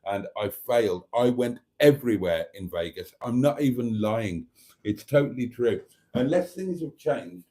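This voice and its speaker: A man's voice: on the low side, dark tone. A middle-aged British man hosting a live stream, chatting casually and rambling through jokes and viewer comments. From Britain. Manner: chatty and rambling, with dry jokes and mock outrage. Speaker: livestream host reading viewer comments.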